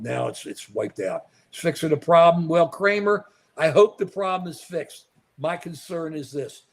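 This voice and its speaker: A man from the United States hosting a political talk show. He gives opinionated live commentary, reacts to viewer comments, and talks in an indignant, emphatic way, repeating himself. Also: fairly high pitch.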